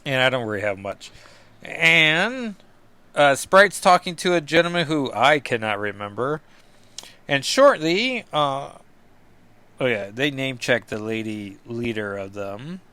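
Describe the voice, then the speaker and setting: A man's voice: medium pitch, very animated, unhurried, sharp tone, clean tone, no echo. Rambling man recapping comics. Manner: rambling, filler-heavy, self-deprecating. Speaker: comic book podcast host.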